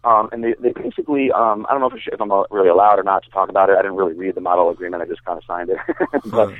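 A bodybuilder guest tells a story in a casual, rambling way, packed with fillers and swearing. He has a low-pitched, steady voice and talks very fast. The audio is dry and tinny, like a phone.

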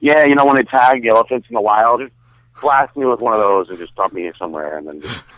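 A man's voice: medium pitch, quick pace, a bit bright, dry recording, dull audio. A man co-hosting a casual podcast, talking loosely with lots of likes and ums. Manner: filler-heavy, loose talk with many likes and ums. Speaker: podcast co-host. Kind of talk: casual chat.

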